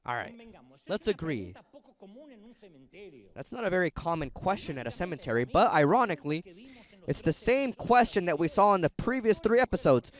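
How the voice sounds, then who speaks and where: With a high voice at a normal speed, a middle-aged man preaches a sermon. He tells stories in an animated, conversational way, addressing his audience directly.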